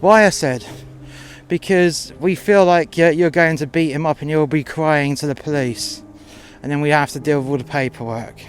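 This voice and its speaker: A man's voice: fairly high pitch, fairly even intonation, moderate pace, a little hiss or hum. A man telling a first-person story in a crude, confrontational way, acting out both sides of a row.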